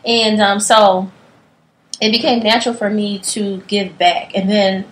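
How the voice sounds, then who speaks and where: A woman, telling stories in an animated way as a podcast guest in a casual chat. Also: unhurried, reverberant. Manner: animated storyteller, acts out others' lines in a higher voice. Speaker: podcast guest, nonprofit founder.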